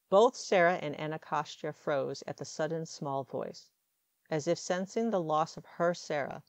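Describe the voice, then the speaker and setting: Low-voiced woman narrating a story. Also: darkish tone, no echo. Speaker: audiobook reader. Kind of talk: fan fiction audiobook narration.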